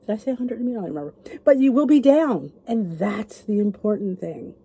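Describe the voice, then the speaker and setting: Chatty woman with a mellow voice. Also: mid-range voice, lively intonation, brisk, breathy edge, no echo. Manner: chatty, rambling, encouraging. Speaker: vlogger. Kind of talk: casual chat to camera.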